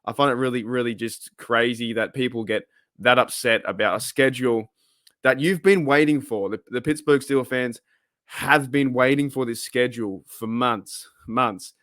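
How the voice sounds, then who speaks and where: A man's voice: mid-range voice, normal speed, a bit bright, dry recording, studio quality. A young Australian man hosting a fan channel, chatting casually with lots of restarts and fillers. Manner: rambling, many restarts and fillers. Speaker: host of a football fan channel. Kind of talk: casual chat.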